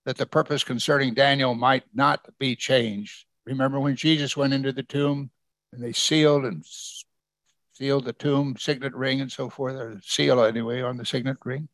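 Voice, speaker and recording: There is no echo on this recording of a male pastor whose medium-pitched, fairly bright voice keeps fairly even intonation at normal speed. Conversational in manner, he reads scripture verse by verse and asks his congregation questions.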